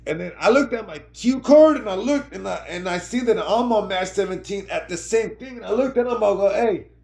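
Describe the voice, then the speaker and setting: A man's voice: high-pitched, fairly quick, creaky, darkish tone. A middle-aged man telling a story to camera in a casual, slangy, rambling way, often asking "right?". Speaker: vlogger.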